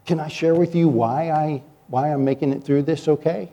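A male pastor preaching a sermon, telling stories in an animated, joking way as he coaches his listeners. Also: on the high side, normal speed, noisy background. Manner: animated, jokey storyteller who coaches the audience. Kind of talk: sermon with storytelling.

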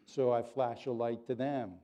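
A pastor preaching a sermon to his congregation, earnest and animated, dropping to soft prayer at times. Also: medium pitch, moderate pace.

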